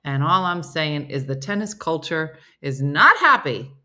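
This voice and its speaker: A woman's voice: deep voice, very animated, measured pace, sharp tone. A woman hosting a casual live-stream chat, reading viewer comments aloud and answering them. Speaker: host.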